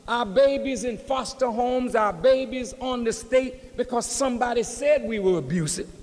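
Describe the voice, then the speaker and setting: A man minister preaching a sermon, addressing the congregation directly as brothers and sisters. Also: very high voice. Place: large hall. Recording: long hall reverb.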